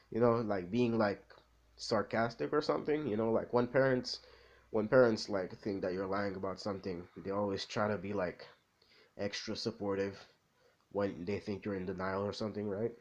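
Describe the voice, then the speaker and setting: A man's voice: fairly low pitch, steady tone, moderate pace, muffled recording. A man casually retelling a fan-made story, rambling with lots of fillers. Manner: rambling, full of "like" and "you know".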